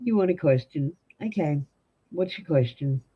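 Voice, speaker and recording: A woman's voice: low-pitched, animated, moderate pace, slightly rough, highs cut off. A young Australian woman reading tarot live for viewers, giving blunt, direct advice. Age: young adult. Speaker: tarot reader.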